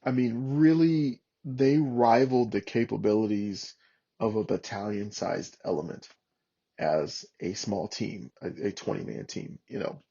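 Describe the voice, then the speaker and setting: A man's voice: lowish voice, creaky, dark tone, slightly rough, highs cut off. A man, a former Marine, telling candid war stories as a podcast guest, swearing freely and acting out old radio calls. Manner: halting with many fillers. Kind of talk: casual war story telling.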